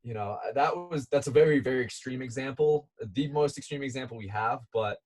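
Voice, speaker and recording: A man in casual conversation with a voice of ordinary middle pitch. He tells his story in a loose, rambling way and laughs between lines. His manner is easygoing and friendly. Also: brisk, a little mellow. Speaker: guest.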